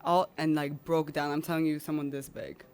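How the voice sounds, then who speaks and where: A woman's voice: low voice, little pitch movement, fairly quick, darkish tone, soft background music. A woman guest on a podcast telling a personal story in an emotional, rambling way.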